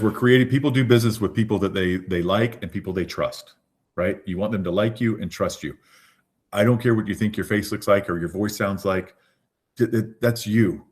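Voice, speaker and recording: A man leading an online real estate training session, talking casually and often checking in with "right?". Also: fairly low pitch. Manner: chatty, repeats "right?".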